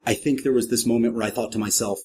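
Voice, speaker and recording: Wry middle-aged man telling a lively story. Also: quick pace, slight background noise. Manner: lively, acts out quoted voices with big pitch jumps; self-deprecating, wry humor. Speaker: podcast guest, professional clown. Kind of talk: animated anecdotal storytelling.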